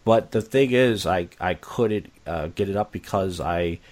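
A man's voice: low-pitched, unhurried, darkish tone. A man talking candidly in casual conversation, rambling and repeating himself, blunt and profane.

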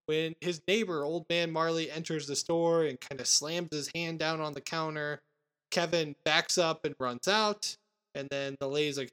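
A man hosting a casual podcast, retelling movie scenes with animated quoted lines. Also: fairly high pitch, moderate pace, clean tone. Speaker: podcast host recapping a film. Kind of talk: casual chat.

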